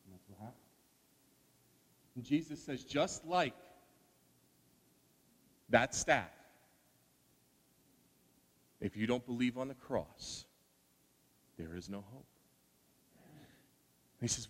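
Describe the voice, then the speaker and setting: A man preaching a sermon, animated and asking rhetorical questions, acting out the voices he quotes. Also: mid-range voice, takes it slowly, pauses often, husky, in a large hall.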